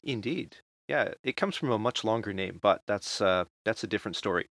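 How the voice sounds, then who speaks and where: A man's voice: on the low side, animated, moderate pace, fairly bright tone, no room sound, clean studio sound. A man hosting a casual podcast interview, asking questions politely and evenly. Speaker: podcast host.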